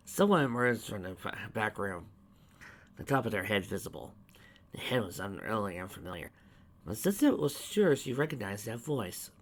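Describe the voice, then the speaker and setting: Guy reading a fanfic out loud, bouncy pitch, trips over words and restarts. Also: big pitch swings. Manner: halting reading with frequent restarts. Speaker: reader. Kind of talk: amateur fan fiction reading.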